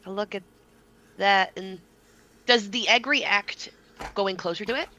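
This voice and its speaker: A woman's voice: medium pitch, measured pace, lo-fi sound, noisy background. A woman playing in a tabletop game, chatting casually and bluntly, with the odd swear. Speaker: player.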